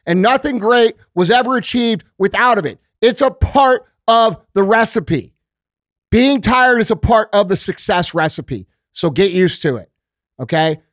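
A man's voice: sits high, no room sound, clean studio sound. Blunt, profane motivational man. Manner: punctuates points with "okay?". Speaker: podcast host. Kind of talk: motivational monologue.

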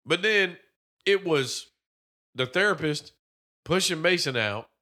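A man tears into a movie in casual chat, cursing freely and mocking the plot as he retells it. His voice is bright and pushed, and his pitch swings widely from line to line. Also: slow. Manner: profane, animated, mocking.

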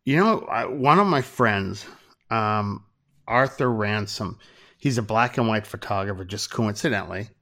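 A man's voice: on the low side, a little slow, a bit bright. A man from Minnesota, a photographer, talking as a podcast guest with dry, self-deprecating humor. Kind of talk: casual interview chat.

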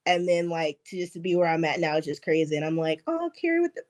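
A woman chatting as a podcast guest, telling animated stories. She laughs often and fills her speech with casual fillers. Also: low-pitched, fast talker. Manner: animated storytelling with acted-out quotes. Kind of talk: casual interview chat.

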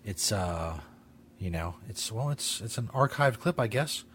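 A man's voice: on the low side, animated, a little slow, slight background noise. A male talk-show host rambling casually and profanely, laughing at his own jokes, in a studio.

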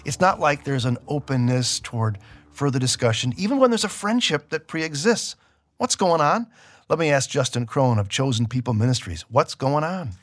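A man's voice: mid-range voice, lively intonation, moderate pace, dry recording, studio quality. A man hosting a radio program, asking friendly conversational questions to his guests. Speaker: radio show host. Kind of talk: radio interview.

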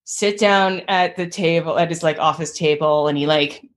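A woman's voice: low-pitched, normal speed, a little hiss or hum. A woman artist in her thirties telling her story in an interview, acting out the people she quotes and laughing often. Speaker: guest artist.

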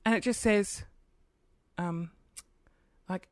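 A woman of thirty rants through a casual podcast monologue, exasperated and swearing freely as she acts out little scenes. Her pitch swoops up and down with lively animation. The recording is dry and close, made at home beside her computer. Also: normal speed, no room sound. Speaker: podcast host.

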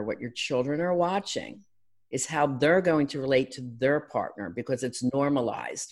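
A middle-aged woman from Philadelphia talks as a coach and counselor on a podcast. Her delivery is energetic and instructive. She slips into other people's voices to make a point. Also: extremely low pitch, moderate pace. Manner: energetic, teacherly, acts out clients' voices. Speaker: life and love coach, counselor. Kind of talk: guest on an interview podcast.

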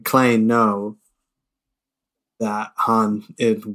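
A man's voice: fairly low pitch, level tone, fairly bright tone. Blunt man in casual chat. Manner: blunt, sweary, quick reactions. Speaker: podcast co-host.

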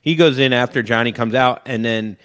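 A man co-hosting a podcast, telling a long story and acting out loud shouted quotes. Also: mid-range voice, brisk. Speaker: podcast co-host. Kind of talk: casual chat.

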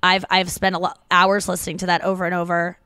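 A woman's voice: fairly low pitch, monotone, fast talker, pushed and bright, clean tone, no room sound, studio quality. A woman co-hosting a podcast in casual chat, talking in a chatty, rambling, gushing way. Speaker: podcast co-host.

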